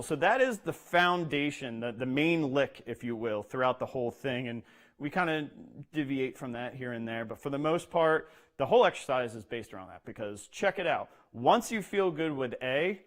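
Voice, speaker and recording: A man's voice: medium pitch, lively intonation, normal speed. Male drum instructor, mid-range voice, patient step-by-step teaching, calls out rudiments rhythmically. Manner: explains step by step, says "okay?" often, speaks rudiment names in a rhythm. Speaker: percussion instructor. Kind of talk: instructional talk with demonstration.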